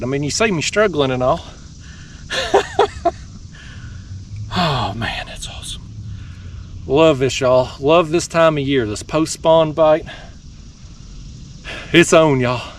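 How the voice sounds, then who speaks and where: A man, hosting a fishing vlog from a kayak outdoors, talking in a folksy, excitable way and laughing often. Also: fairly high pitch, normal speed, recorded from a distance, a little hiss or hum. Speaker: fishing channel host.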